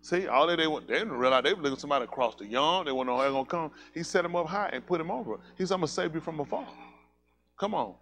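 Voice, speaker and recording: A man's voice: a little high, animated, rapid-fire, fairly bright tone. A man preaching a fiery sermon as pastor, emphatic and colloquial, repeating calls like "listen" and firing rhetorical questions at the congregation.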